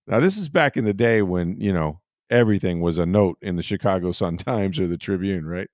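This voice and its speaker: A man's voice: deep voice, brisk, few pauses, a little mellow, no echo, clean studio sound. A middle-aged man hosting a podcast, telling a rambling, self-deprecating story in a casual chat, often laughing. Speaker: podcast host and sportswriter.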